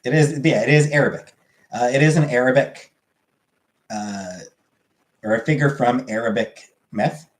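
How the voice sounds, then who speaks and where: Male streamer, casual comment chat, halting and filler-heavy, mid-pitched, roomy sound. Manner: rambling, halting with many fillers.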